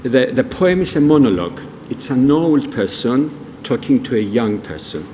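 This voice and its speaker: In a large museum hall, an older presenter spins stories and quizzes the crowd, sounding very animated. His voice is medium-pitched and mellow at a moderate pace, and the recording carries a long hall reverb, faint ambience, and slight background noise.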